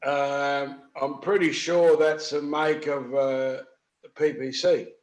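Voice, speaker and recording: A man speaking slowly and hesitantly in a casual podcast chat. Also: a little high, flat delivery, roomy sound, poor audio.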